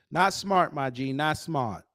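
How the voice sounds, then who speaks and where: A man riffs through clips in a relaxed, slangy way, his voice pitched a little above the usual for a man. He comments on each moment as it plays, casual and unhurried. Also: husky. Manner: slangy, laid-back running commentary. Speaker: host reacting to clips.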